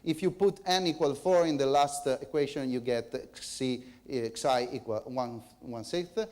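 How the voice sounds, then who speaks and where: A man giving an academic conference lecture, speaking haltingly and hesitantly. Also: mid-range voice, steady tone, a little mellow. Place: lecture hall.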